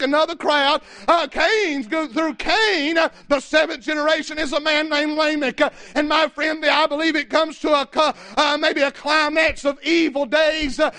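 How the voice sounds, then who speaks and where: High, bright-voiced shouting preacher man. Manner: shouting preacher, repeated "amen" and "my friend". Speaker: pastor. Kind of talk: fiery sermon.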